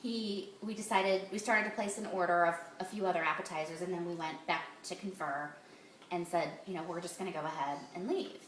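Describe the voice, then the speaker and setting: A woman's voice: on the low side, fairly even intonation, a bit bright. A woman telling a story to her family, acting out the dialogue of the people in it. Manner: fast, re-enacts quoted dialogue. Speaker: mother recounting a restaurant incident. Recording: roomy, from a distance, faint background hum.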